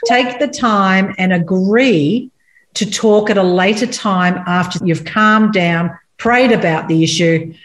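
Speaking slowly in a mid-range voice, a woman talks about marriage from a Christian perspective. She is earnest and candid, sharing stories from her own marriage, and the recording has a roomy echo.

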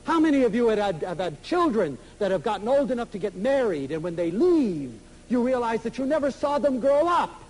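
A man giving an emotional, storytelling lecture to an audience, swinging from loud to soft. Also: very high voice, big pitch swings, a little fast, few pauses, rough recording.

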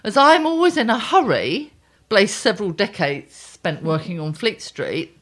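Wry, lively older woman reading her column. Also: medium pitch, normal speed. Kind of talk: casual chat.

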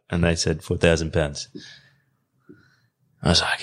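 An Australian man in his thirties, a podcast guest telling an animated story in casual slang. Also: deep voice, a little slow. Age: 30s. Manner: animated, colloquial yarn-spinner.

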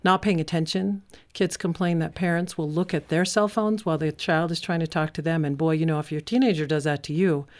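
A woman's voice: low-pitched, fairly even intonation, a little fast, a little mellow. A woman guest on a parenting talk show, telling stories and acting out what parents say. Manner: tells stories, acts out parent and child lines. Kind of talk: interview conversation.

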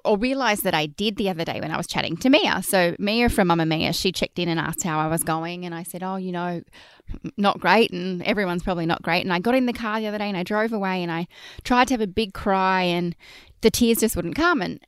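A young Australian woman co-hosts a parenting podcast remotely from a closet at home, chatting casually in an outgoing way. Her voice is fairly low, clear and resonant, with clean studio sound and no echo.

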